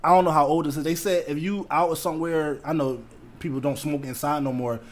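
A man with a slightly high voice riffing in a casual chat. He talks loudly and animatedly and often breaks into laughter. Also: a little fast. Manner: loud, animated storytelling with frequent laughter and profanity.

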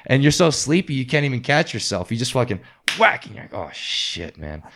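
A man casually telling boot camp stories, swearing constantly and acting out drill instructors' yelling. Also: mid-range voice, lively intonation, fast. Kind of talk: casual podcast chat.

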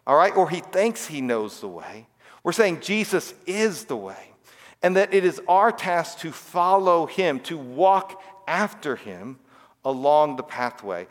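A man's voice: medium pitch, big-room sound. A man giving a casual, conversational sermon to children, often checking in with "right?". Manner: conversational, frequent "all right?" and "right?" asides. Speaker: pastor.

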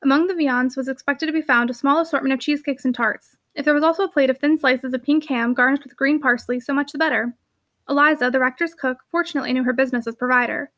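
A woman reading a classic novel aloud in a brisk, lively narration. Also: high voice. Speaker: audiobook reader.

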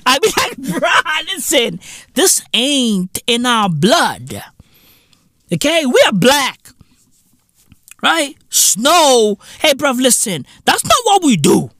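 A South African man hosting a comedic podcast, ranting with profane, mocking energy and sudden jumps up into high exclaims. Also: huge pitch swings, takes it slowly, sharp tone, no echo, clean studio sound. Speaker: podcast host.

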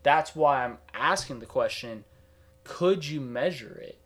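A man's voice: medium pitch, lively intonation, unhurried, a bit bright. A young man co-hosting a casual podcast with friends, rambling and thinking aloud with lots of fillers. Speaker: podcast co-host. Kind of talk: casual chat among friends.

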